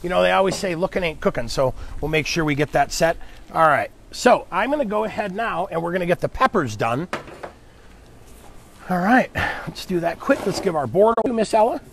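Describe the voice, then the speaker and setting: Upbeat male chef host, slightly high, gravelly voice, casual live-stream chatter, faint noise behind. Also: expressive, normal speed, fairly bright tone. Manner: upbeat, chatty, talks to viewers and helper. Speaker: chef hosting a live cooking demo.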